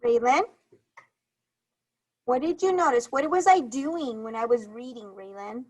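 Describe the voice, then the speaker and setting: A woman's voice: a little high, a little slow. A woman teacher giving an online read-aloud lesson, speaking patiently and encouragingly, checking in with questions.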